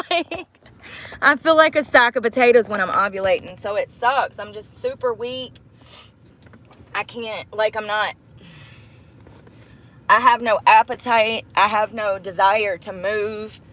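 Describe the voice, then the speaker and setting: A young woman vlogging in a casual, candid chat to her viewers, animated and quick to laugh, calling them y'all, girl and baby. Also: medium pitch.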